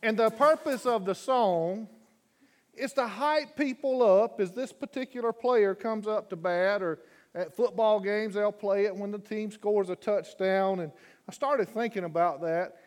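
A high-pitched man preaching from the pulpit of a church sanctuary. He talks in a folksy, rambling way, then swells into loud, fervent reading of scripture. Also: a little slow. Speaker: guest preacher. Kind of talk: sermon.

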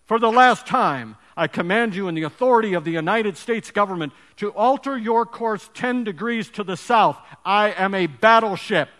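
A man voicing a stern navy captain who barks loud orders over the radio. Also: high-pitched, animated, normal speed, few pauses, in a large hall, voice pushed up. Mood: commanding.

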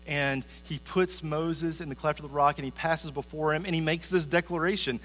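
A man's voice: on the high side, fairly even intonation, moderate pace, fairly bright tone. A man giving a conversational sermon as a pastor, often repeating his first word as he starts a sentence. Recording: reverberant hall with faint mains hum.

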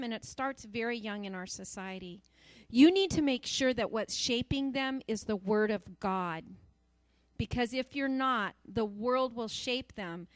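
A woman's voice: on the high side, no room sound. A woman preaching a sermon in an earnest, emphatic way, repeating phrases for stress.

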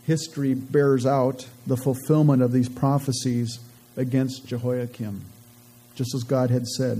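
A man with a very dark, mellow voice and a husky edge reads scripture aloud and then talks it through casually as a Bible teacher. He often restarts mid-sentence as he explains each passage. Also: medium pitch, level tone, unhurried, low-quality recording. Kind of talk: scripture reading with casual commentary.

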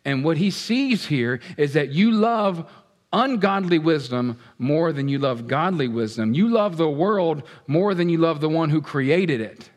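A man delivering a sermon in an animated, playful way. His voice sits fairly high and swings from loud punchy lines to quiet, hushed asides as he acts out what people feel. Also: a little slow. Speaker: pastor.

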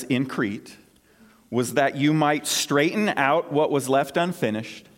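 A man preaches a sermon, driving his points home by repeating short phrases. His voice sits higher than most men's. A long reverb fills the church around him. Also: a bit bright. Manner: repetitive, emphatic preaching. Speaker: pastor.

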